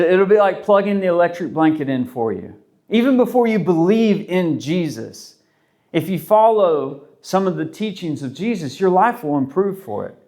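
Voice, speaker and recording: A man's voice: fairly high pitch, a little mellow. Conversational pastor, man, rhetorical questions. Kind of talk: sermon.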